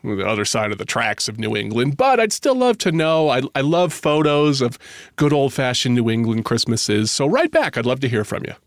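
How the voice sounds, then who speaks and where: Male co-host from Connecticut, lively pitch, dry close sound, joking casually. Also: moderate pace, dry recording. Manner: jokey and earnest. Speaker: podcast co-host. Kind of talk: casual chat.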